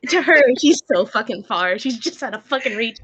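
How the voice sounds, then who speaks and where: High, lively woman swearing at the table. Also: normal speed, slightly rough, lo-fi sound. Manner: swears a lot, laughs, voices her character. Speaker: player. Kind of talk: tabletop role-play banter.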